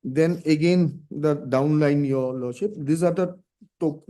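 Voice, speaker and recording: A man's voice: a little high, slow, dark tone. A man arguing a case before a judge in a formal, deferential manner, reading documents aloud. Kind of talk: courtroom argument.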